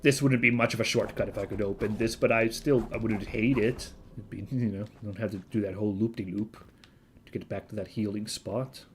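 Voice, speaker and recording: A man's voice: fairly low pitch, steady tone, a little fast, slight background noise. A man hosting a casual let's-play video, chatty and thinking aloud with frequent fillers and self-corrections. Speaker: gaming video host.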